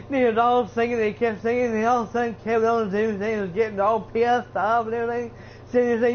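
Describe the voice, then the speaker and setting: A man with a fairly high voice rambles through a casual recap, stumbling over fillers and starting his sentences again. The sound is dull and lo-fi, with a faint hiss underneath. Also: little pitch movement, fast talker. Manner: rambling, full of fillers and restarts. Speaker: streamer.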